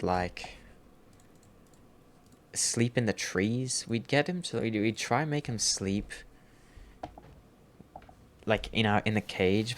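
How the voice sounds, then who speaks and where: Gravelly young man, rambling and swearing. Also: on the low side, slight background noise. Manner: rambling, swears a lot, says bro. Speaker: gaming vlogger. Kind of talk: casual storytelling while gaming.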